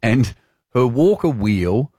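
A man hosting a radio show, telling a story in casual chat and acting out the quotes loudly. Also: mid-range voice, big pitch swings, slow, husky, dry recording, clean studio sound. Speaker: radio host. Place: radio studio.

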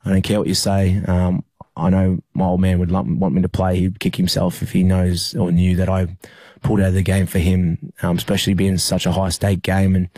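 Australian man, young adult, very deep voice, flat delivery, dark tone, halting with fillers, dry close sound. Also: no room sound. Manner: halting, many fillers and restarts. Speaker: rugby league player. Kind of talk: emotional interview recollection.

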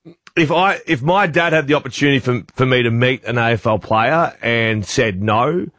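A man's voice: mid-range voice, moderate pace, a bit bright, dry recording, clean studio sound. An Australian man co-hosting breakfast radio in casual banter, telling a chatty story and acting out the voices he quotes.

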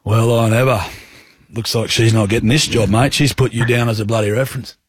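Bloke doing a blunt bush stock agent, broad aussie twang, blokey and gruff, mid pitch. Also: male voice, steady tone, a little fast, no room sound, lightly acted. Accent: broad rural Australian. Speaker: prank caller.

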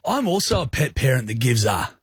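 Chatty aussie radio guy, husky, dry studio mic. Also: medium pitch, very animated, brisk, no room sound. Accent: Australian. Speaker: radio co-host. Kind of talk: casual radio banter.

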